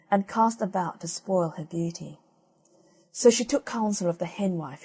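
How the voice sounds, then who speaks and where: A woman reading old fairy tales aloud as an audiobook narrator, gentle and measured. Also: medium pitch, slightly rough. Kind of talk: storybook reading.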